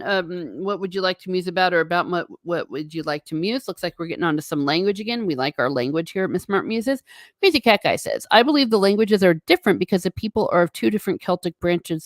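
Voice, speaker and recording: An American woman hosts a casual livestream, chatting and reading viewer comments aloud with frequent laughs. Her voice is mid-range, and the clean studio sound has no echo.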